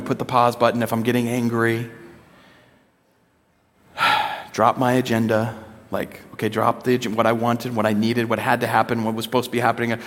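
A man in his thirties preaching to a congregation, telling personal stories in an animated way and acting out his children's voices. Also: mid-range voice, big-room sound. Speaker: speaker addressing a congregation.

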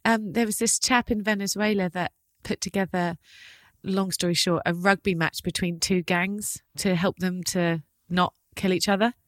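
A woman hosting a relaxed conversation who reacts readily and tells stories of her own. Her voice sits a little low. The recording is dry, with no room sound. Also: normal speed, dry recording. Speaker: host. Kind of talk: casual chat.

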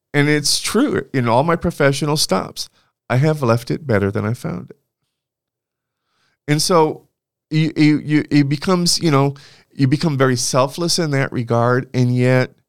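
Middle-aged guy from california, smooth clear voice, dry close sound, lots of restarts and fillers as he reminisces. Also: medium pitch, dry recording. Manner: halting, with frequent restarts and fillers. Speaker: university leader being interviewed. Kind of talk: reflective storytelling.

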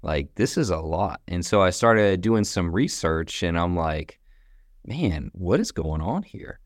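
Young man, very deep voice, laid-back storyteller, casual slang, dry close mic. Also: unhurried, dry recording. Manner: relaxed, chatty, says "man" and "bro", laughs between stories. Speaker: guest, company founder.

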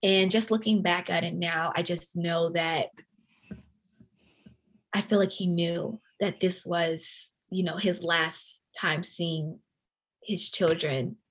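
A woman in her thirties from Atlanta recounts a personal memory in conversation. Her voice sits a little low, and her telling is earnest and reflective, pausing and restarting as she goes. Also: steady tone. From Atlanta, USA. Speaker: interview guest.

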